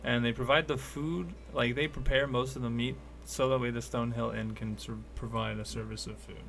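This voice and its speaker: A man's voice: medium pitch, fairly even intonation, fairly quick, vocal fry, a bit bright, slight background noise. A man running a tabletop game as game master, narrating in a loose, rambling way full of fillers.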